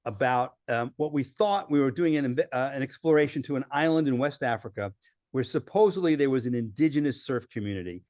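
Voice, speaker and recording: A man telling lively travel stories as a podcast guest, acting out the people he quotes. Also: mid-range voice, brisk, no echo, studio quality. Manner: animated storyteller acting out quoted voices. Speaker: filmmaker guest. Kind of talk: storytelling in a podcast interview.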